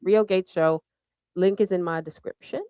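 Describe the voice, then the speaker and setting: A woman's voice: on the low side, fairly even intonation, moderate pace, mellow, clean tone, dry recording. A woman hosting a casual livestream chat, bubbly and thanking viewers one by one. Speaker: show host.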